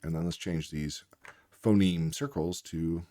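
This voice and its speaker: A man's voice: sits low, measured pace, dark tone, no echo. A man working as a reading tutor, patiently explaining word spellings while acting out both teacher and student. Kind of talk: instructional demonstration.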